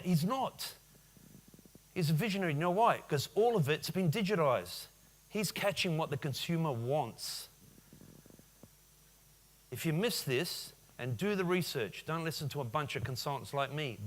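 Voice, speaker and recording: A man in his forties giving a lively business keynote at a conference, often firing questions at the audience. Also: on the high side. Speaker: conference speaker. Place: conference hall.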